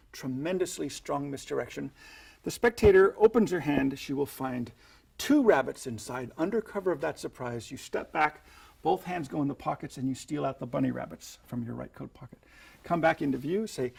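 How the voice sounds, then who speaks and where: A man's voice: medium pitch, vocal fry, a little mellow, slightly rough. A man teaching sleight-of-hand magic tricks in a chatty, playful way, slipping into showman patter as he demonstrates. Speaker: magic instructor.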